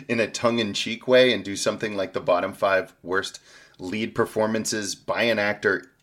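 A man's voice: on the low side, steady tone, normal speed, a bit bright. A man co-hosting a podcast who gives sarcastic, joking movie commentary and chuckles at his own jokes. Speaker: podcast co-host. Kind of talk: casual movie-review chat.

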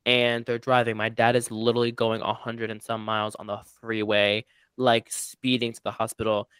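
A young man chatting casually with his cousins, telling stories in an animated way and acting out the voices of the people in them. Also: mid-range voice, normal speed, smooth, no echo. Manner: animated storyteller who acts out voices. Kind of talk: casual chat among cousins.

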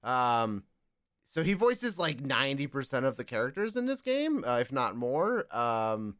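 A man's voice: mid-range voice, a little slow, no echo, studio quality. A man hosting a casual gaming podcast, rambling along with lots of fillers. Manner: rambling, filler-heavy, expressive. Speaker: podcast host.

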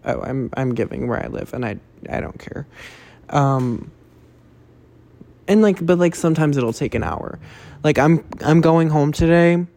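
A man's voice: on the high side, measured pace, long pauses, darkish tone. A young man hosting his own podcast, rambling casually with stammered restarts, self-deprecating asides and frequent cursing. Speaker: podcast host. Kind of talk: rambling solo podcast chat.

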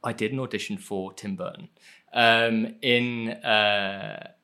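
A man's voice: on the low side, fairly even intonation, slow, pushed and bright. A man, chatting casually as a podcast guest, rambling and self-deprecating with lots of fillers and casual swearing. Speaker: guest, film editor.

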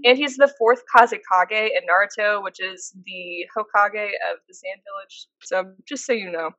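Bright-voiced chatty woman. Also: medium pitch, normal speed, dry recording, dull audio. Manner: chatty storyteller, lots of fillers. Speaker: podcast co-host. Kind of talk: casual chat.

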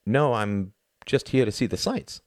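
A man's voice: mid-range voice, measured pace, no room sound, clean studio sound, voice pushed up, natural voice. A man voicing a reserved young Englishman at a foreign party, speaking plainly and guardedly.

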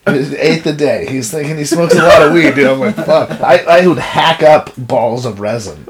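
A man's voice: fairly high pitch, normal speed, a crowd in the background. A man casually chatting on a podcast, telling loose, profane stories with lots of energy. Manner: profane, animated storyteller. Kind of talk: casual chat.

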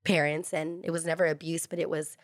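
A woman's voice: sits low, level tone, brisk, dry recording, clean studio sound. A woman sharing a candid faith testimony as a podcast guest, talking earnestly with many casual fillers. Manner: earnest, candid, heavy use of "like".

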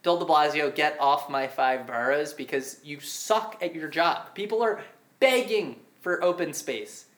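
A man's voice: fairly high pitch, fairly bright tone. Man, podcast co-host, exasperated ranter, slightly echoey room. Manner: ranting, exasperated, fast-talking. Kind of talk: casual podcast chat.

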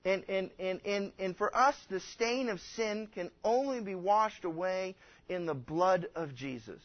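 A man with a fairly high voice preaches in a loose, folksy way, wandering through homely examples and slipping into the voices of the people he quotes. The recording is dull and lo-fi, with the top end muffled. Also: unhurried. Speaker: pastor. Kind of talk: conversational sermon.

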